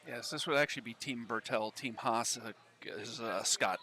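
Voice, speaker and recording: A man's voice: mid-range voice, normal speed, bright, forceful tone. A man doing casual live commentary on a pool match, matter-of-fact and informative.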